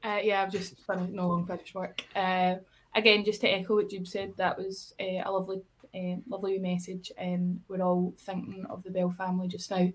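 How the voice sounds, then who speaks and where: A Scottish woman co-hosts a podcast in a low-pitched voice with a flat melody. She talks in a subdued, hesitant way, with frequent pauses. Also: rough recording. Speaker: podcast co-host. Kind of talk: casual podcast chat.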